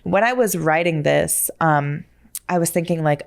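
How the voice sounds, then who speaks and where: Low-voiced chatty woman podcaster. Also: moderate pace, creaky, darkish tone, smooth. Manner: chatty and self-deprecating, stumbles over words and laughs at herself. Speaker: podcast host. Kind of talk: casual solo podcast chat.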